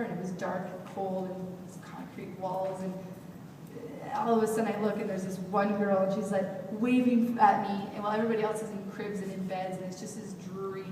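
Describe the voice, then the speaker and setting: A woman's voice: mid-range voice, distant mic, background noise. Young woman storyteller in an echoey hall. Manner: animated, acts out quoted dialogue. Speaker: youth event speaker. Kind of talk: personal storytelling talk. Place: event hall.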